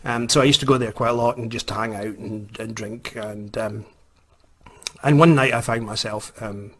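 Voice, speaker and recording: A man's voice: on the low side, fairly even intonation, moderate pace. A Scottish man, an author, tells a story in a rambling, self-mocking way, hesitating with many ums. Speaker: author, vlogger. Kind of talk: casual storytelling.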